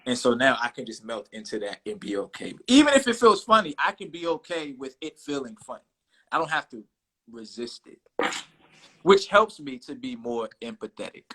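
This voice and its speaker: A man's voice: medium pitch, very animated, moderate pace, pushed and bright, low-quality recording. A man in his thirties, a guest in a casual interview, speaking candidly and thoughtfully about himself. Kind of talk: casual conversation.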